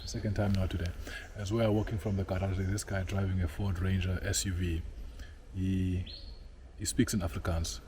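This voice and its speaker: A man outdoors in a forest, telling a personal story in an earnest, halting way, repeating words as he searches for them. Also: low voice, little pitch movement, noisy background. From South Africa.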